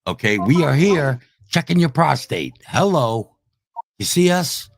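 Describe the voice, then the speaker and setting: With a slightly high, gravelly voice, this streamer is very animated yet unhurried. He rages at his detractors with profanity, repeating his challenges in a combative livestream rant.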